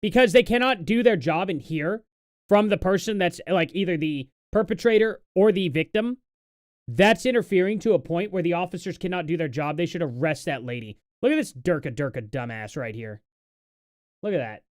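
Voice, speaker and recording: A man talking casually on a live stream, his voice sitting a little high and swinging around a lot as he mocks what he watches. The sound is dry and close, with no room around it. He rambles with fillers and sarcastic asides. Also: animated, brisk, no room sound. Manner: sardonic, mocking asides with frequent fillers. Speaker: live stream host reacting to videos. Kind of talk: casual reaction commentary.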